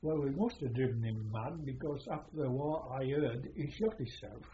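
An older man, a war veteran, slowly recounting his memories in a halting way with many pauses during an interview. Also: mid-range voice, noisy background. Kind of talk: oral history recollection. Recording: echoey, dull archival interview tape.

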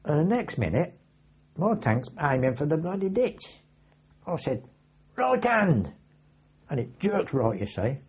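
An older man tells vivid, salty anecdotes in casual oral-history storytelling, with a husky voice. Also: fairly high pitch, sing-song, normal speed. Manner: vivid anecdotal, salty language, acts out his own shouts. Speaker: veteran recounting wartime memories. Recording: dull lo-fi archive recording.

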